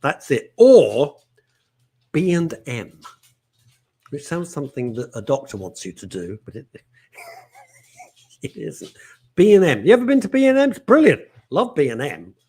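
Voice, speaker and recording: A man's voice: on the high side, moderate pace, breathy edge. A man hosting a live show, reading out viewer comments and ranting in casual chat. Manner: animated and ranting, jumping between topics. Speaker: host.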